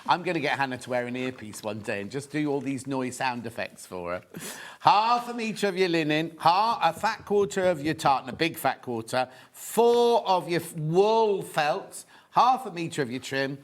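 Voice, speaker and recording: A man hosting a live TV shopping show, chatty and excitable, with lots of asides. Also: on the high side, moderate pace. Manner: chatty and excitable, full of asides and sales counts. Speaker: shopping channel presenter. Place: TV studio.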